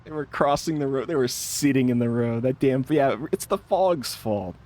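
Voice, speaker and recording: Playing a game on stream, this man talks at a moderate pace in a medium-pitched, slightly mellow voice. His casual live commentary is full of jokes and laughter, and he gets defensive in his banter with chat.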